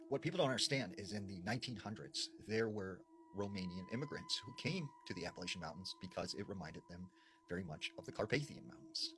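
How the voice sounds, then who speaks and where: A man retelling creepy stories in a dramatic way, sometimes dropping to a hush. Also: fairly low pitch, slight background noise. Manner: dramatic, with sudden drops to a hush. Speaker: storyteller.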